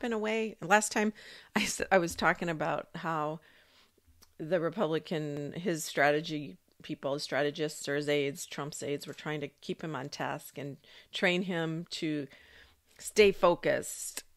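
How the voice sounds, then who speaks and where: A woman's voice: deep voice, a little slow, no room sound, studio quality. A woman vlogger talking casually and thinking aloud, rambling with fillers and restarts. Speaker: psychic vlogger. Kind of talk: casual monologue.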